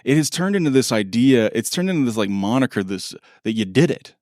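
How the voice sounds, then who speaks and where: A man's voice: mid-range voice, brisk, dry recording, clean studio sound. A middle-aged man co-hosting a podcast, chatting casually and acting out quoted dialogue with frequent laughs. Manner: animated, acts out quoted dialogue, laughs often. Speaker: podcast co-host. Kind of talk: casual conversational storytelling.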